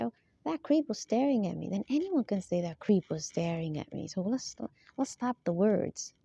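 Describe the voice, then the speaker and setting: A woman's voice: mid-range voice, gravelly, warm tone, no room sound. A woman in a rambling monologue who keeps asking for agreement and laughs between her points. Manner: rambling, repeatedly seeks agreement. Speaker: spiritual vlogger. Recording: dull lo-fi dry sound.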